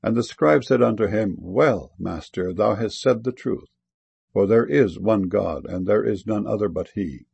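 A man giving a solemn, measured scripture reading with a gravelly, husky voice. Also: fairly low pitch, darkish tone. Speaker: scripture reader.

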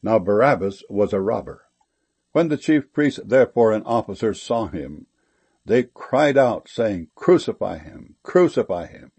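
Gravelly low-voiced man reading scripture. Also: animated, measured pace, a little mellow. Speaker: scripture reader. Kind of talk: reading King James scripture aloud.

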